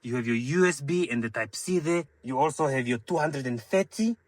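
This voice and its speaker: A man giving an enthusiastic car walkaround review, pointing out features with frequent fillers and calling his viewers ladies and gentlemen. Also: a little high, animated, normal speed, soft background music.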